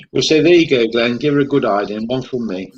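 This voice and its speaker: A man's voice: mid-range voice, highs cut off. A man chatting casually as co-host, playful and mock-offended in the banter. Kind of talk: casual chat.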